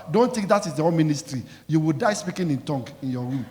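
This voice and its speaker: In an echoey church hall, a man with a fairly high, warm voice preaches quickly as a pastor. His sermon is emphatic and scolding, and he calls out questions for the congregation to answer.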